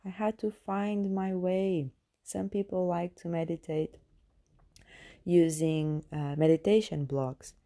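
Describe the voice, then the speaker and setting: Slow, dark-voiced woman coach, hesitant. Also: lowish voice, fairly even intonation. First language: not English. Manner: hesitant, many fillers and restarts. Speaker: podcast host and coach. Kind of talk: casual self-help monologue.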